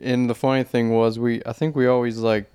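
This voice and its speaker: A man's voice: medium pitch, little pitch movement, fairly quick, a little mellow, smooth. A young man co-hosting a casual podcast, laid-back and rambling. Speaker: podcast co-host.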